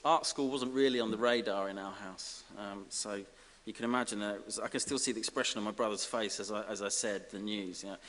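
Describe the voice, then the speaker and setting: A man from giving a self-deprecating, comic acceptance speech as an honorary graduate, halting over fillers. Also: lowish voice, fairly even intonation, fairly bright tone. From Essex, England. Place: large ceremony hall. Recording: reverberant hall with faint hiss.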